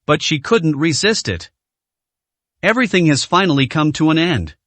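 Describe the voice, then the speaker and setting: Male narrator, scripted story reading, dramatic, fairly high voice, lively pitch, dry close sound. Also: moderate pace, dry recording.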